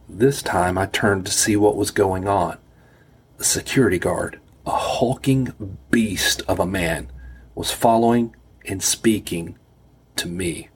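A man narrating a first-person story, steady and wry. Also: lowish voice, breathy edge. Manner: wry, self-deprecating. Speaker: audiobook narrator.

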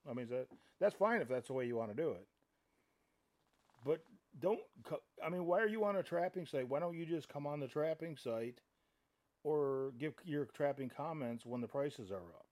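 A man's voice: a little high, animated, normal speed, a little mellow. A middle-aged man hosting a podcast, ranting in a heated, blunt and profane way and often repeating himself. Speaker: podcast host and trapping site owner. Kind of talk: casual podcast rant.

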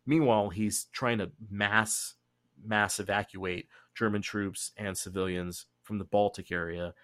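A man with a Texan accent, hosting a podcast and telling history in a casual, profane way, laughing often and doing quick voices. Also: lowish voice, dry recording. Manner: profane, laughing, animated storytelling. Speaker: podcast host.

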